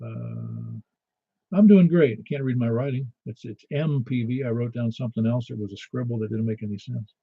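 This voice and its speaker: A man's voice: mid-range voice, sing-song, normal speed, gravelly, slightly rough, no echo, muffled recording. A man in his sixties from Niagara Falls, New York, hosting a ham radio net in a casual, self-deprecating, storytelling way. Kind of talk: casual on-air radio chat.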